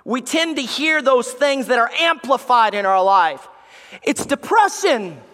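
A male pastor preaching a sermon, swinging between loud emphatic lines and hushed, near-whispered ones. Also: very high voice, expressive, measured pace. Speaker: executive pastor. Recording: long reverb of a large hall.

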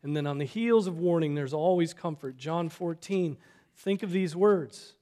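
A man preaching a sermon, earnest, swinging between loud exhortation and soft, quiet asides. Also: fairly high pitch, normal speed. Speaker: pastor.

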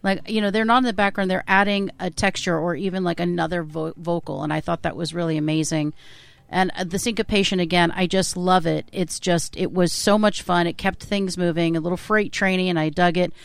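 A woman's voice: fairly low pitch, fairly even intonation, brisk, vocal fry, smooth, dry recording. A woman co-hosting a radio music show, chatting in a gushing, enthusiastic and teasing way. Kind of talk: casual on-air music chat.

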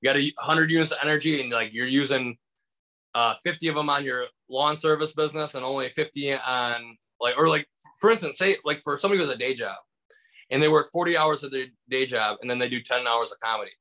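A man from Michigan, a comedian, telling a story in casual conversation with lively acted-out voices and lots of fillers. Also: medium pitch, fast. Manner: animated, acts out voices in anecdotes, many fillers. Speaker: stand-up comedian guest.

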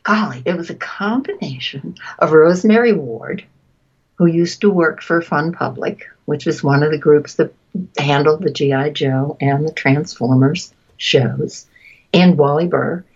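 A woman, a voice actress, telling stories in a casual interview, chatty and quick to laugh, often trailing off mid-sentence. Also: low voice, a little mellow, slightly rough, lo-fi sound. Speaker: voice actress guest.

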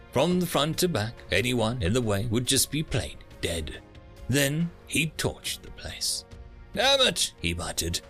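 A man narrating a thriller audiobook in a dramatic, low-voiced storytelling manner. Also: fairly bright tone.

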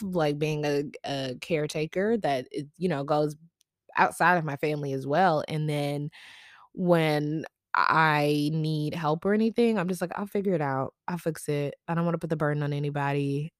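A woman's voice: fairly low pitch, no room sound, clean studio sound. A young adult woman hosting a podcast, talking casually and reflectively about family psychology with personal asides and fillers. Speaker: podcast host.

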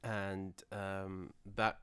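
A man's voice: deep voice, little pitch movement, very slow, pushed and bright, smooth. A man telling stories in a casual conversation, acting out the voices he quotes. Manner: storytelling, acts out quoted voices. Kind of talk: casual chat.

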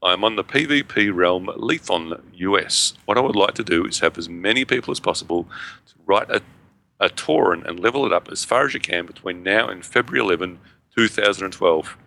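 A man's voice: low voice, brisk, vocal fry, sharp tone. A man co-hosting a gaming podcast, reading a listener email aloud in an easygoing way with joking asides. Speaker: podcast co-host.

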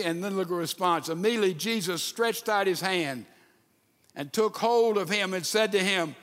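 A high-voiced man delivers a sermon in an animated style. He acts out the quoted lines and sometimes drops to a hushed voice. His voice carries a long reverb from a large sanctuary. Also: a little slow. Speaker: pastor. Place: church sanctuary.

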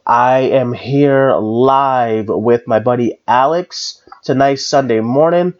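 A man's voice: mid-range voice, slow pace, a little mellow, muffled recording. A man hosting a podcast in casual chat, rambling with many fillers and restarts. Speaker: podcast host.

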